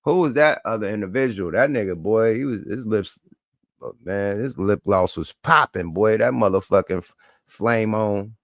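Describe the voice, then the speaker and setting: A man's voice: on the low side, moderate pace, dry recording, studio quality. A man hosting a livestream, talking in a laid-back, slangy, rambling way. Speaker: livestream host. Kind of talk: casual chat.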